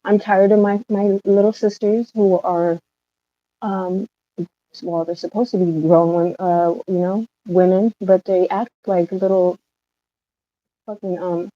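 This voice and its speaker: A woman pours out an emotional, rambling rant on a livestream, swearing as she goes. Her voice sits at a mid pitch. The phone audio is slightly dull and dry. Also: little pitch movement, a little slow, no room sound. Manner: upset, rambling, swears a lot.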